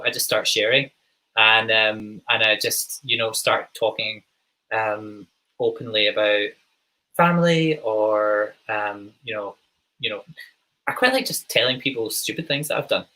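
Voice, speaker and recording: Bright, husky Glaswegian man. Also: medium pitch, low-quality recording. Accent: Scottish, Glaswegian, toned down. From Glasgow, Scotland. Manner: halting, full of ums and restarts. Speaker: podcast host. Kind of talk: casual interview chat.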